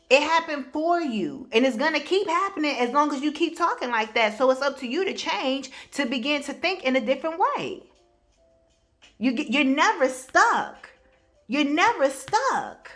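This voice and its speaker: A woman's voice: high voice, a bit bright. A woman speaking as a spiritual life coach, giving a casual motivational talk in a blunt, emphatic way, addressing the listener directly.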